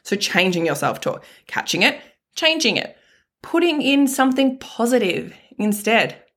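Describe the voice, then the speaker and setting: This self-help podcast host has a fairly high, sing-song voice that's a bit bright, speaking at normal speed. She gives a frank, casual motivational talk with some mild cursing and lots of emphatic repetition of key phrases.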